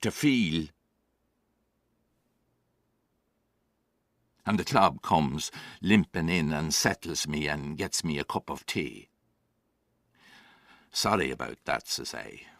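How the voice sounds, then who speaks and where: A man's voice: extremely low pitch, animated, measured pace, gravelly, fairly bright tone, no room sound, full character voice. An actor playing an older Irish grandfather and former farmer who tells his story in a wry, dry theatrical monologue. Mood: grim.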